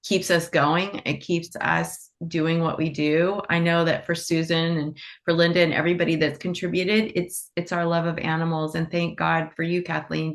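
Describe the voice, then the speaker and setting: A woman's voice: low-pitched, vocal fry. A woman co-hosting an online event over a video call, effusive and laughing as she thanks everyone. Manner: effusive, laughing, playfully self-mocking. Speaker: nonprofit co-founder and event host. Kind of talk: online event closing remarks.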